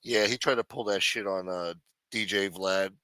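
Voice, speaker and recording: A male talk show host rambles through sardonic, foul-mouthed commentary. His voice is bright and forceful, recorded dry and close. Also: low voice, steady tone, normal speed, no room sound. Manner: sardonic, profane, mumbling asides. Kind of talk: casual profane commentary.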